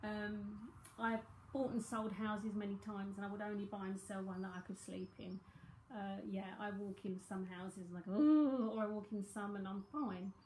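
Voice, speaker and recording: A woman's voice: mid-range voice, flat delivery, normal speed, roomy sound, a little hiss or hum, low-quality recording. A woman with a London accent giving a psychic reading in a chatty, rambling way, thinking aloud with many fillers. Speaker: psychic medium. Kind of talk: live-streamed reading, casual chat.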